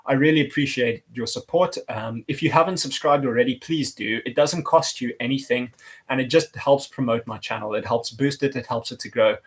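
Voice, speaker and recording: A man's voice: mid-range voice, a little fast. A man telling a story in a casual motorcycle vlog, talking in a rambling, chatty way. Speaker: motorcycle vlogger.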